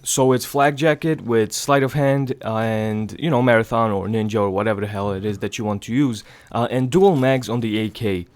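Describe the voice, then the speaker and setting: Early in the morning at home, a gaming channel host, a young man stuffed up from a cold, talks through his gameplay in a hushed, low voice so he won't wake anyone. His commentary is casual and rambling, packed with fillers and offhand swearing, delivered at normal speed with few pauses.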